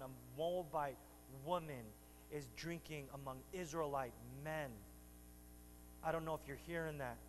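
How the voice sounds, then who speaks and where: A man's voice: fairly high pitch, fairly even intonation, a little slow, long pauses, in a large hall, poor audio. Man, pastor, sermon, playful banter turning emphatic, church sanctuary, faint mains hum. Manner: playful, bantering with the congregation, rising to emphatic preaching.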